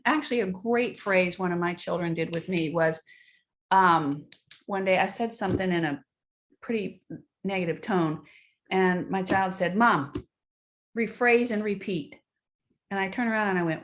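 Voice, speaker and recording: A middle-aged woman talks through parenting advice in a relaxed, conversational way. She slips into quick acted-out snippets of dialogue, and her voice sits at an ordinary medium pitch. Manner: conversational, acts out quoted dialogue. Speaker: parenting speaker. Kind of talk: motivational talk to an audience.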